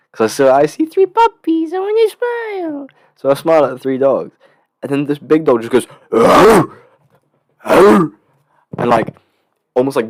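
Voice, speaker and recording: A young man in his late teens from England, hosting a casual solo podcast in a rambling, swearing, animated storytelling way. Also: lowish voice, dry recording, clean studio sound. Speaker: podcast host. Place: student accommodation room.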